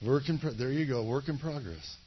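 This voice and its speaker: A husky-voiced man preaching a sermon to a small congregation, leading call-and-response and making chatty asides to listeners. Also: mid-range voice, a little fast, highs cut off, a little hiss or hum. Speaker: pastor.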